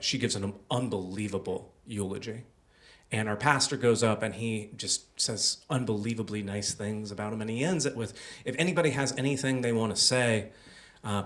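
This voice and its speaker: A man's voice: lowish voice, a bit bright. Rambling young man telling a story onstage. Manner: conversational, filler-heavy with many "like" and "uh". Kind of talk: live storytelling. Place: small theater stage.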